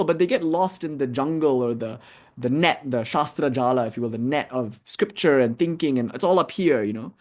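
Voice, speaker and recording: A man giving a casual, animated spiritual lecture, telling stories and acting out what people say. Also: mid-range voice. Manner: animated storytelling, casual, acts out quotes. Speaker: spiritual teacher.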